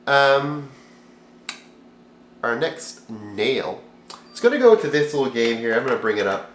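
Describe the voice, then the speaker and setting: Man, sarcastic reviewer, swearing rant, animated pitch, roomy echo. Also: normal speed, slight background noise. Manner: sarcastic, swears freely, swings from loud to mumbled. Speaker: video reviewer. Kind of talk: profane comedic rant.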